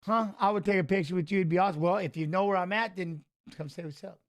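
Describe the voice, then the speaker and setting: A man with a notably high voice gives loose, live commentary while watching fights. He rambles, talks straight to the viewers in chat, and gets openly emotional about the action. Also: quick pace.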